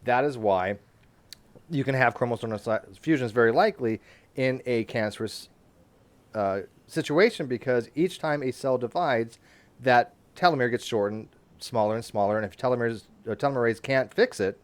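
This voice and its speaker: Fast-talking man hosting a hangout. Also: medium pitch, animated. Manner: fast talker, reads from notes. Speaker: channel host. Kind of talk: casual live hangout chat.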